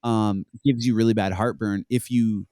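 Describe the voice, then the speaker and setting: A man's voice: lowish voice, steady tone, normal speed, warm tone, dry recording. A young man, a podcast guest, chatting casually and telling stories in a laid-back way, laughing often. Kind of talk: casual chat.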